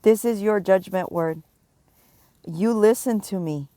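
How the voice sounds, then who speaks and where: A middle-aged woman giving a prophetic warning, stern and emphatic, pressing her points with slow repetition. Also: mid-range voice, dark tone, no echo. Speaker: self-described prophet.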